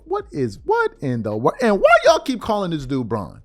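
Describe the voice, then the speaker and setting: A man hosting a sports commentary segment, ranting at fans in a mocking, animated voice. His pitch swings widely, dropping to low mutters and jumping to loud outbursts. Faint music plays behind him. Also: normal speed.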